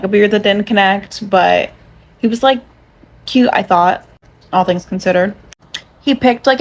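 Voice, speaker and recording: A young woman casually recounting a date in a sardonic, deadpan way, full of fillers. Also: mid-range voice. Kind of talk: casual storytelling to camera.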